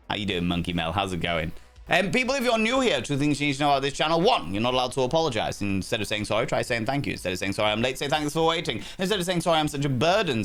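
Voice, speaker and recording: A man livestreaming a game and chatting casually with his viewers, theatrical and profane, with playful jumps into a high voice. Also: fairly bright tone. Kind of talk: casual live-stream chat with viewers.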